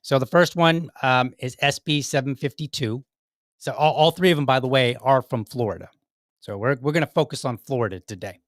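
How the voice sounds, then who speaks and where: A man's voice: mid-range voice, a little fast, no room sound, clean studio sound. A middle-aged man hosting a political podcast in a casual, joking, rambling way, with self-mocking asides. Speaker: podcast host.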